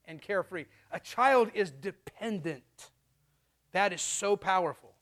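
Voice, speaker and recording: A middle-aged man preaching a sermon as a pastor, animated and storytelling, acting out little voices. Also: sits high, normal speed.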